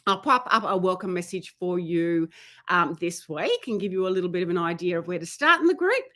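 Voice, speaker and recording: A woman's voice: on the low side, lively intonation, fairly quick, sharp tone. Chatty woman on a live stream. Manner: chatty, often breaking off to scold her dogs. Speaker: horse trainer hosting a weekly live Q&A. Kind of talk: casual live-stream chat. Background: dogs barking and playing nearby.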